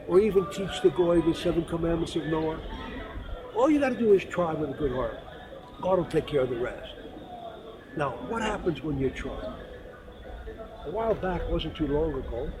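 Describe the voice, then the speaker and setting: High-voiced man telling earnest stories. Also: low-quality recording. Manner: earnest, animated storytelling with acted-out quotes. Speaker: religious teacher. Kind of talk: storytelling spiritual talk. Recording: crowd noise in the background.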